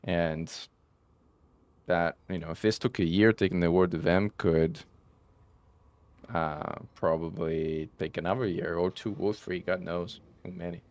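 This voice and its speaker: Deep-voiced man rambling on a stream. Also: fairly even intonation, unhurried, darkish tone. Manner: rambling, self-correcting, with frequent "um" and "like". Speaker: game streamer. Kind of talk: casual live-stream chat.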